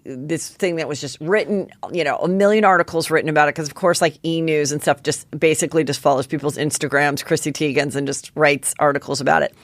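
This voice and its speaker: A woman in her forties hosts a casual gossip podcast with a fairly low voice. She talks animatedly, stumbling and restarting as she jumps between stories. The sound is dry and close. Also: dry recording. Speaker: podcast host.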